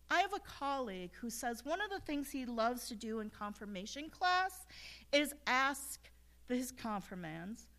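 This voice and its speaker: A woman pastor preaching a sermon in church, earnest and building to emphatic shouts as she leads the congregation in call-and-response. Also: a little high.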